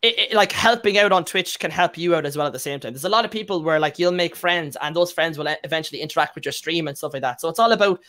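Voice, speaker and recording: A man's voice: a little high, fast, few pauses, bright, forceful tone. A young Irish man, a guest streamer, chatting casually on a podcast and telling stories full of slang and acted-out quotes. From Ireland.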